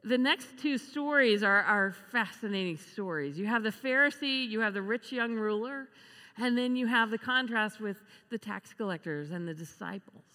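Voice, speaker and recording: A woman preaching a sermon, expressive, acting out the voices she quotes. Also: medium pitch, normal speed. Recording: long reverb of a large hall.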